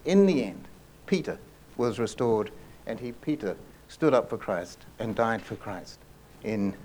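A man preaching a sermon in an earnest way, often repeating and restarting phrases and slowing down to stress key lines. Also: lowish voice, animated, darkish tone, a little hiss or hum. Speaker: pastor.

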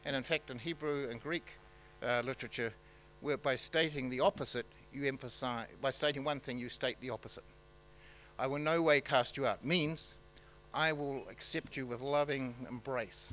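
NZ male pastor, bright forward tone, halting off-the-cuff sermon delivery, faint hum behind. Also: mid-range voice, poor audio. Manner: halting, many fillers and restarts, conversational.

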